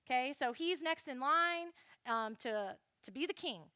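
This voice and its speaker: A young woman giving a chatty, animated Bible lesson to a youth group and speaking straight to the listeners. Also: high voice, unhurried, clean tone, dry recording, clean studio sound. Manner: chatty, animated, addresses the audience directly.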